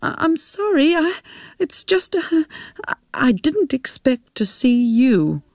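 A woman voicing a distraught older woman, a former lover, who stammers in a high, shaky, tearful voice. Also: sing-song, takes it slowly, a little mellow, no room sound, studio quality, heavily acted. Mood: stammering.

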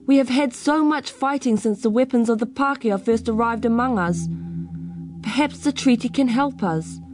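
A woman voicing a Māori chief and father who seeks peace and speaks in a steady, patient way. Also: fairly high pitch, moderate pace, noisy background, close to an everyday voice. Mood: earnest. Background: music.

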